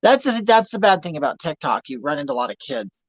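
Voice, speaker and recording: This is a fifty-something livestream host chatting casually through viewer comments, saying hello to people and telling crude jokes in a campy, gossipy style. He talks fast in a sing-song, slightly high voice, and the recording is dry.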